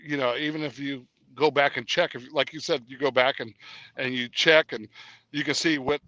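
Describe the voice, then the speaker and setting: Male guest, lively storyteller who acts out voices and trails off with fillers; bright tone, dry close sound. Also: mid-range voice, moderate pace, dry recording, dull audio. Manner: animated storyteller, acts out dialogue; hesitant with fillers. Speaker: interview guest. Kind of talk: casual conversation.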